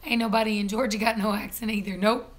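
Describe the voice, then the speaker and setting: A hoarse woman, hosting a casual live-stream chat, chatty and quick to laugh. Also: medium pitch, flat delivery, slight background noise. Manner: chatty, laughs often, teasing. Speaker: vlog host.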